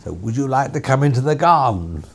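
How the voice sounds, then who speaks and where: A man imitating an elderly press baron with a slow, theatrical, playfully grand delivery, from an archival interview. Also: mid-range voice, lively intonation, pitched above the performer's own voice. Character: elderly male press baron, mischievous showman.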